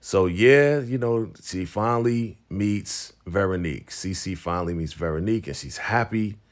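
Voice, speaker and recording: A man with a fairly low voice runs through a TV episode recap. He talks casually and loosely, full of slang and fillers, and slips into the characters' lines as he goes. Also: normal speed. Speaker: TV recap reviewer.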